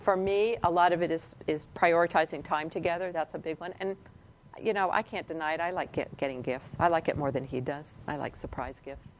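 A woman's voice: sits low, brisk, slight background noise, low-quality recording. A woman leading a relationship workshop, chatting and asking her audience questions. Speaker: workshop leader. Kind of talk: teaching a relationship class.

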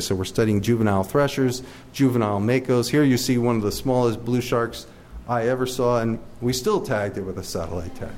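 A man's voice: mid-range voice, a little mellow, slight background noise. Enthusiastic man giving a slide lecture. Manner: friendly, enthusiastic, many fillers and restarts. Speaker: shark research biologist giving a slide talk.

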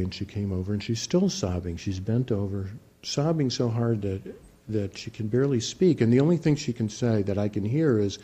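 A man who works as a physician, telling a patient's story in a calm, measured lecture and often restarting his phrases. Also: on the low side, breathy edge. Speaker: physician teaching guided imagery.

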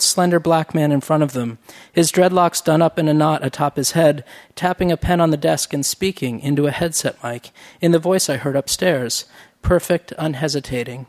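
A man narrating a first-person novel in a measured, wry, reflective reading. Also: fairly high pitch. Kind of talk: audiobook narration.

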